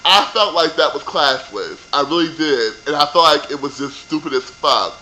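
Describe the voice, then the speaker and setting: A man's voice: on the high side, expressive, moderate pace, bright, forceful tone, rough recording. A young man ranting casually about a reality show reunion, sassy and profane. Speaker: vlogger reviewing a reality show. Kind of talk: casual rant.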